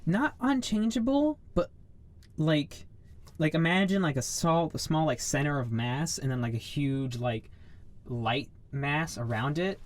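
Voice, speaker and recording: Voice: medium pitch, lively intonation, measured pace. A speaker in a casual chat, rambling and searching for words, leaning heavily on "like".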